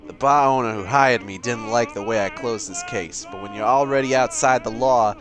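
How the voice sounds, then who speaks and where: Dude doing a boston-accent 1920s gumshoe, slow and hammy, game music behind. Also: male voice, medium pitch, lightly acted. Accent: put-on Boston. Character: 1920s male private detective with a put-on Boston accent.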